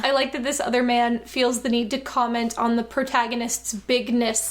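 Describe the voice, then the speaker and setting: A woman's voice: on the high side, little pitch movement, moderate pace, few pauses. A woman reading a novel aloud and breaking in with sarcastic, amused comments.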